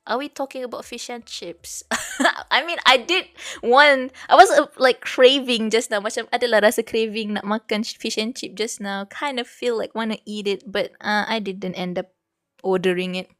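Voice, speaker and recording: A woman's voice: on the high side, fairly even intonation, moderate pace, fairly bright tone. Chatty young Malaysian woman streamer. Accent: Malaysian English. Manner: chatty, switching between English and Malay, giggly. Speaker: VTuber streamer. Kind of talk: casual livestream chat. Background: faint background music.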